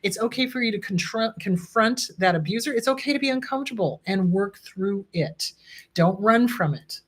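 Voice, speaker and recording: A woman's voice: medium pitch, animated, normal speed, breathy edge. A middle-aged woman therapist hosting her own show, talking casually and reassuringly to her viewers. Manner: warm, reassuring, addresses viewers as "my loves". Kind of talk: casual solo talk to viewers.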